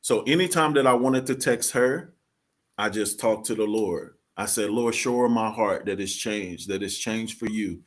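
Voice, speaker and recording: A man with a lowish voice, speaking at an ordinary pace, appears as a podcast guest. He gives an honest, confessional account of his life, using everyday slang.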